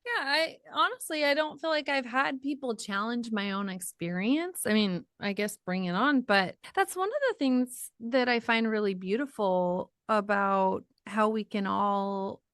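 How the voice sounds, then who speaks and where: A middle-aged woman, a podcast guest, telling her personal story in an animated way and acting out the voices in her quotes. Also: a little high, a little slow, hardly any pauses, clear, resonant tone, no room sound, studio quality. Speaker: podcast guest, author and ministry founder.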